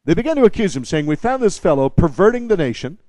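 Animated, higher-voiced man preaching. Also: fast talker, no room sound. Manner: animated, repeats phrases for emphasis, asides to the congregation; wry humor. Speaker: pastor. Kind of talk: expository sermon.

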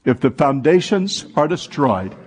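A man's voice: a little high, big pitch swings, measured pace, a little mellow, slight background noise. A man preaching a sermon as pastor, calling on the congregation to answer and repeat after him. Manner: preaching, calls for congregation responses. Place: church sanctuary.

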